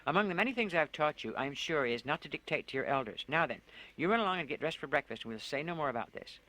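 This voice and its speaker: A man reading aloud and voicing a prim, stern older woman who scolds children and turns shrill when she screams. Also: quick pace, a bit bright, lightly acted, rough recording. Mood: scolding.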